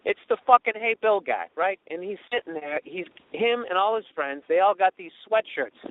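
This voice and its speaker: A man hosting a comedy podcast, telling a story in a profane, animated way and mimicking the people in it. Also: high-pitched, normal speed, no room sound, narrow, tinny audio. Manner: profane, animated, does mocking voices of others. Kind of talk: storytelling monologue.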